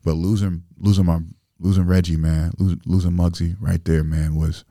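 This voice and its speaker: Brief: low, mellow man with a gravelly edge, relaxed and profane, guest on a podcast with a close, dry mic. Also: moderate pace, dry recording. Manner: loose, profane street talk with many fillers. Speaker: interview guest. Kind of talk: casual podcast storytelling.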